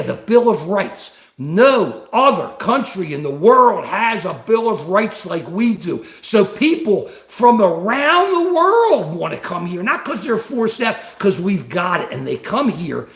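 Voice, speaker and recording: Impassioned older man, lively and high. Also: creaky, echoey room. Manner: impassioned, reads and answers viewer comments. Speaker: livestream host. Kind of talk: live-stream political talk.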